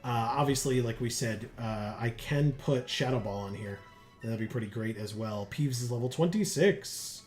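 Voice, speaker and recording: A man's voice: medium pitch, normal speed, a little mellow, soft background music. A man co-hosting a game livestream, chatting casually and rambling with lots of fillers and restarts. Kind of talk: casual chat while playing.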